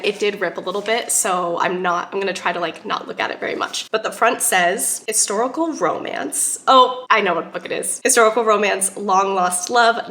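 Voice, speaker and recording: A young woman hosting a casual book vlog, gushing and gasping with excitement as she unwraps a gift. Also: mid-range voice, vocal fry. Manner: gushing, excitable, lots of gasps and exclamations. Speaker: booktube host. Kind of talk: casual unboxing chat.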